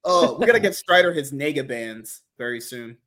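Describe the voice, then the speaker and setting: A man chats on a podcast in an animated, laughing way, his pitch leaping up and down as he tells stories. His voice sits at a middle pitch with lively swings. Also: normal speed. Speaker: podcast co-host. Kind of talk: casual podcast chat.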